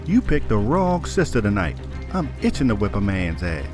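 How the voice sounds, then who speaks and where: A man's voice: on the low side, very animated, normal speed, over music. A man voicing a tough, brash young woman who fights, with a cocky, taunting manner.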